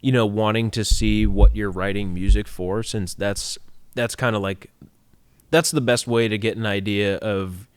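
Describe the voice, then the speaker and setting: Young man chatting about film music, lowish voice. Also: a little slow, clean tone, no echo. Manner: animated, acts out lines and hums music. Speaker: guest composer. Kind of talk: casual podcast chat.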